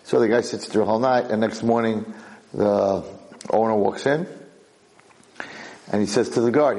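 A man's voice: lowish voice, moderate pace, long pauses. A middle-aged man teaching a Torah lesson as a rabbi, telling stories and acting out the characters. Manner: animated storyteller who acts out characters.

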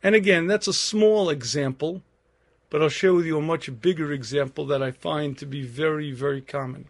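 A man in his fifties giving a Torah lecture, telling stories earnestly and clearing his throat often. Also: fairly high pitch, normal speed.

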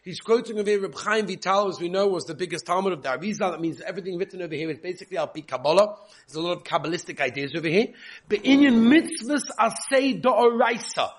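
A man's voice: high-pitched, very fast, breathy edge. A man giving a spoken Torah class, reading Hebrew texts aloud and explaining them in with frequent repetitions. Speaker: Torah teacher.

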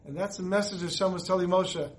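Male Torah teacher, high voice, storytelling and acting out the lines. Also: steady tone, quick pace. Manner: storytelling, acts out dialogue. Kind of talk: recorded Torah class.

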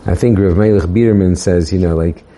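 A man giving a casual, halting Torah talk, with many fillers and restarts, slowing down to quote verses. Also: low-pitched, warm tone. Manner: hesitant, many fillers and restarts, quoting Hebrew verses slowly. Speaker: speaker sharing a Torah thought.

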